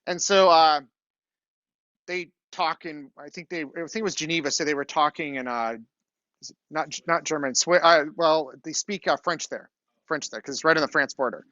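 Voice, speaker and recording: Chatty man lecturing, bright voice. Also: a little high, normal speed, no echo, lo-fi sound. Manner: chatty storytelling, frequent "okay?" check-ins. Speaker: university lecturer. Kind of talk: classroom lecture with anecdote. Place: classroom.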